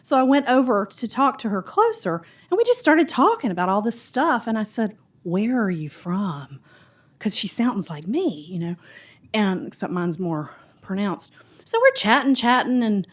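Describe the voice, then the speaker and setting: Chatty Southern-drawled woman telling a story. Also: fairly high pitch. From Mississippi and Tennessee, US South. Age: middle-aged. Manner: chatty, rambling, animated storyteller acting out quotes. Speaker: audience member. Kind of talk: rambling personal story in a Q&A. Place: bookstore event room.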